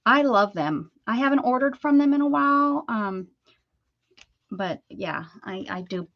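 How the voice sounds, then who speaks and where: A chatty woman from the Pittsburgh area, talking her way through a crafting live stream in a slightly high voice. She greets viewers by name and rambles as she works. The sound is dull and lo-fi. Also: lively intonation, unhurried. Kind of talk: casual live-stream chat while crafting.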